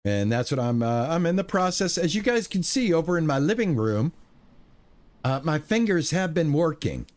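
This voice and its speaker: A man's voice: fairly high pitch, sing-song, normal speed, darkish tone. A man streaming a video game, talking through his play in a rambling, playful way with goofy exclamations. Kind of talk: casual gameplay commentary.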